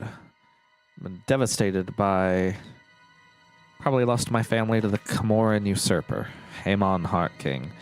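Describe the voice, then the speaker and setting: A man narrating his gameplay in a rambling, musing way, often correcting himself with chuckling asides. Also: fairly low pitch. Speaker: let's-play host.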